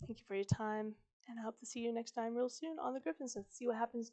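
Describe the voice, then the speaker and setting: A woman's voice: fairly high pitch, quick pace, hardly any pauses, warm tone, muffled recording. Chatty woman reading a novel aloud on a stream. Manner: chatty, self-correcting. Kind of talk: live-streamed book reading.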